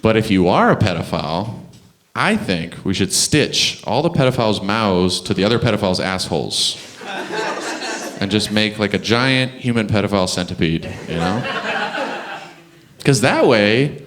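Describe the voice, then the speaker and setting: A man's voice: on the low side, animated, moderate pace, a crowd in the background. A young man from Canada doing a stand-up comedy set on a club stage, chatty and chuckling through his punchlines.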